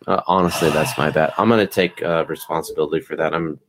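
A man's voice: extremely low pitch, fairly even intonation, quick pace, background noise. A man co-hosting a casual late-night podcast, tipsy, joking and swearing freely. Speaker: podcast co-host.

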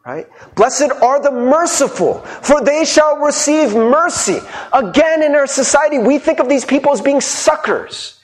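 A young man preaching a sermon, his voice sitting high and swinging widely in pitch. He talks in a loose, conversational way, acting out little voices of the people he describes. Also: unhurried, few pauses. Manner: animated, conversational, laughs and mimics people. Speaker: pastor.

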